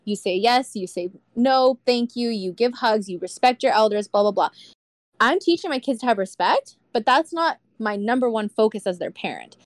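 Blunt, fired-up young woman, fairly high. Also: expressive, normal speed, no echo. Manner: blunt and impassioned, swears freely. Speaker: podcast guest. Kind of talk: candid casual chat.

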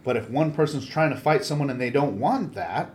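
A man's voice: mid-range voice, brisk. A man who coaches sword fighting, a guest telling swear-laden stories in a casual podcast conversation. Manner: profane, animated storyteller.

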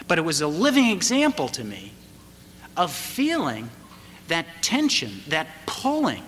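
A middle-aged man preaching a sermon, telling a family story slowly and deliberately, building to emphatic moments. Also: a little high, pushed and bright, slight background noise. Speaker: pastor. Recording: reverberant hall, faint ambience.

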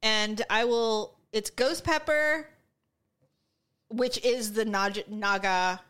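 A woman's voice: a little high, slow, fairly bright tone, clean tone. A woman from the Bay Area co-hosting a casual podcast chat, complaining with exaggeration about her burning mouth and runny nose. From San Francisco Bay Area. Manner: chatty, exaggerated complaining, laughing. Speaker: podcast co-host.

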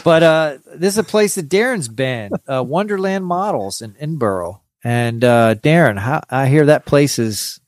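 A man hosting a hobby podcast in casual chat, halting and restarting his sentences often. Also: mid-range voice, animated, no echo, clean studio sound. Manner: halting, with many stammered restarts. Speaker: podcast host.

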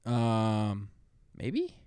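A man's voice: on the low side, huge pitch swings, drawn-out words, warm tone, clean tone, no room sound, studio quality. A young man co-hosting a podcast, chatting casually and swearing freely as he retells movie plots with plenty of fillers. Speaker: podcast co-host.

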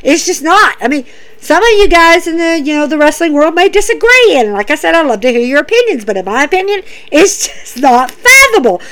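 Chatty woman recapping wrestling. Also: brisk. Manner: animated, acts out wrestlers' lines in a lowered voice. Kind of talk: casual recap talk.

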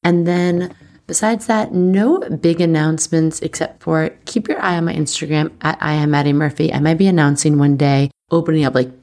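A woman's voice: low-pitched, a little mellow. A woman hosting a casual solo podcast as an astrologer, candid and chatty with lots of fillers, teary and close to crying, recording at home.

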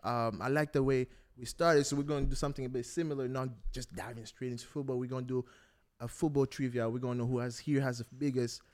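A young man hosting a casual football podcast, animated and laughing often as he quizzes his friends. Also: mid-range voice, quick pace, few pauses. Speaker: podcast host.

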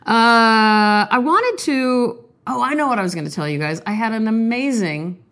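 A young woman with a cold, chatting in a rambling, candid, self-deprecating way before reading a poem aloud. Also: lowish voice. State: sick, coughing. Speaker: artist vlogger. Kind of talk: casual confessional chat and poetry reading.

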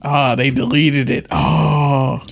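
A man in his thirties co-hosting a casual, explicit podcast, telling stories with lively energy, reading texts aloud and laughing often. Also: mid-range voice, slow, creaky. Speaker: podcast co-host.

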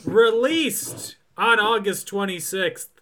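A man's voice: sits high, expressive, slow pace, bright, forceful tone. A man hosting a podcast in casual chat, dry and joking as he reads out film facts. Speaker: podcast host.

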